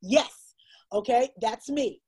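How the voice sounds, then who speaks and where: A woman's voice: on the high side, slow pace, warm tone, husky, poor audio. A woman speaking as an illustrator and storyteller guest in an interview, talking with heartfelt emphasis and repeating phrases for stress.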